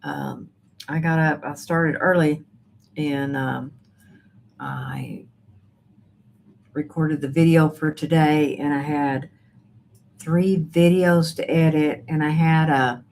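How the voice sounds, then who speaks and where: A woman hosts a relaxed livestream from home and greets her viewers by name as she chats. Her voice sits a little low, and she speaks slowly and unhurriedly. Faint background noise is under the recording. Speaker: livestream host reading viewer chat. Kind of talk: casual live chat.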